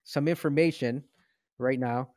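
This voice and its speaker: A man co-hosting a casual movie podcast, arguing his points in an animated, mock-serious way and laughing often. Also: mid-range voice, a little slow, no room sound, studio quality. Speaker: podcast co-host. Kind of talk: casual movie review chat.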